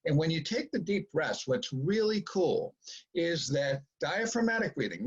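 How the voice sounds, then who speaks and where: A middle-aged man lectures parents in a relaxed, coaching way, and his voice jumps up when he acts out what parents and children say. His voice is a little husky and breathy. The sound is dull and lo-fi, like a video call. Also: fairly high pitch, moderate pace. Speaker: psychologist giving a parent talk.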